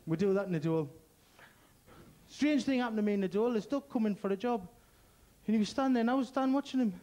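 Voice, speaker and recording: A man's voice: high voice, a little mellow. A man from Gateshead with a Geordie accent doing a crude, punchy stand-up set and bantering with the crowd. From Gateshead, North East England. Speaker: stand-up comedian.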